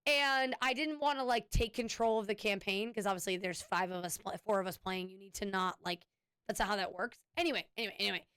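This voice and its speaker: A woman's voice: mid-range voice, fast talker, a bit bright, smooth, no echo, clean studio sound. A woman streamer chatting casually with her viewers, rambling and restarting her sentences. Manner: rambling, with frequent restarts and "anyway"; chatty, thanking subscribers.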